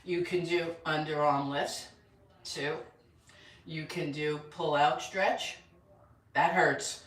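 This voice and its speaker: An older woman who hosts a lifestyle channel chats casually on a live stream, counting exercise reps and rambling about her day. Her low voice is steady and slow, heard from a distance in an echoey home room with a mirror.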